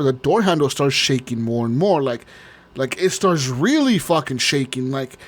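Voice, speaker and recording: A man co-hosting a podcast, telling a long story in casual chat, rambling, swearing often and laughing. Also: a little high. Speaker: podcast co-host.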